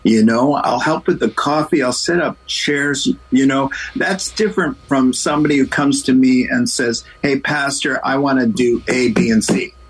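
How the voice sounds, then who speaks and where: A middle-aged male pastor telling a story as a guest in a radio interview, animated and playing out the voices of the people in it. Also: mid-range voice, moderate pace, hardly any pauses, slightly rough, low-quality recording.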